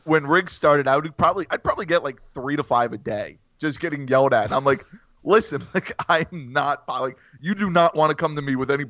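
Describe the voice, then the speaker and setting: A man on a casual podcast, talking in a halting way full of ums and uhs. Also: on the high side, sharp tone, no echo. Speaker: podcast regular, basketball blogger. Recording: slightly dull, lo-fi audio.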